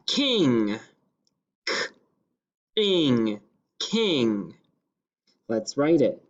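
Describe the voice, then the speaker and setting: A male teacher leading a phonics lesson, sounding out each word slowly and deliberately. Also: medium pitch. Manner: slow, deliberate sounding-out of words. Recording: slightly dull lo-fi classroom recording.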